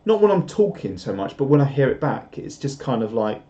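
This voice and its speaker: A man's voice: mid-range voice, big pitch swings, fairly quick, warm tone. A man chatting casually on a live stream, rambling and self-deprecating as he reads out viewer comments. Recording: dull lo-fi stream audio.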